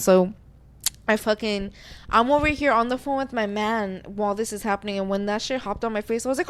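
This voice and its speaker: Speaking fairly quickly in a higher voice, this young podcast host recounts a story in relaxed conversation. She's profane and lively, performing other people's lines as she quotes them.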